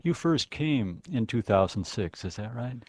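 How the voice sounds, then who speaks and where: A man's voice: medium pitch, lively intonation, a little slow, darkish tone. A man hosting a radio interview, affable and encouraging, backing his guest with frequent murmurs of agreement. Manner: affable, frequent "mm-hmm" backchannels, easy laughter. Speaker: radio host. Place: radio studio.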